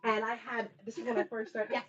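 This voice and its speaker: A middle-aged woman hosting a live-streamed book event. She is animated and laughs often as she talks to the audience. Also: on the high side, a little fast. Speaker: host and author. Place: bookstore event space. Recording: dull lo-fi sound.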